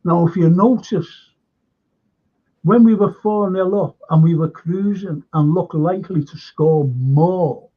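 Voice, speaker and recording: A man's voice: high-pitched, measured pace. A man hosting a casual fan chat, rambling and chatty, reading out viewers' comments. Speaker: host. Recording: tinny phone-like line.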